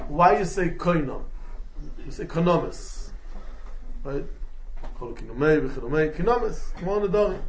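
A man giving a lively Talmud class, mixing in Yiddish and Hebrew terms and acting out the quotes. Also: sits high, reverberant. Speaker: Talmud teacher.

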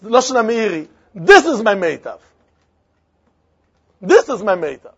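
A man's voice: sits high, sing-song, normal speed, fairly bright tone, slightly rough. A man teaching a Talmud lesson, repeating phrases and posing and answering his own questions. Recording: dull lo-fi recording with faint crowd.

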